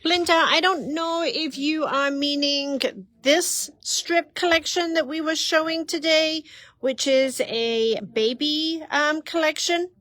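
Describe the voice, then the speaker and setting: A woman's voice: high-pitched, fairly even intonation, takes it slowly, a bit bright, no room sound. A woman co-hosting a sewing shop live stream, chatting and answering viewer comments. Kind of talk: casual live-stream chat.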